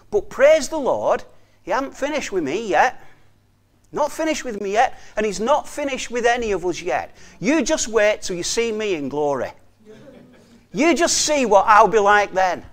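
High-voiced, earnest male preacher. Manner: earnest, repeats for emphasis, often trails off softly. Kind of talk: sermon.

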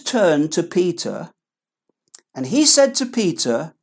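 A woman's voice: lowish voice, big pitch swings, takes it slowly, husky. A woman preaching an earnest, emphatic sermon with pleading repetitions.

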